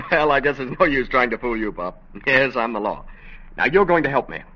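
Brief: wry undercover cop faking a spanish accent, lively delivery, dull old radio sound. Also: male voice, mid-range voice, brisk. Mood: probing. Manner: puts on a fake Spanish accent. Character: calm, wry undercover police detective. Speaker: undercover police detective. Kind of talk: 1940s radio acting.

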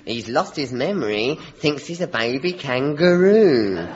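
An actor playing a fussy, gossipy zookeeper in a radio comedy sketch, chirpy and comic. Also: male voice, medium pitch, big pitch swings, measured pace, highs cut off, slight background noise. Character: fussy eccentric male zookeeper.

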